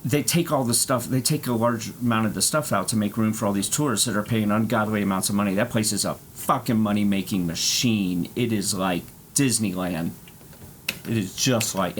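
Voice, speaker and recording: A man's voice: lowish voice, noisy background. A man streaming, telling a rambling, profane travel story with lots of fillers and laughs.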